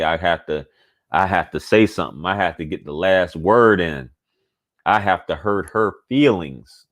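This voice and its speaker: A man, talking candidly and casually to his audience as a channel host, repeating points for emphasis. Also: on the low side. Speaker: channel host giving dating advice. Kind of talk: casual monologue to camera.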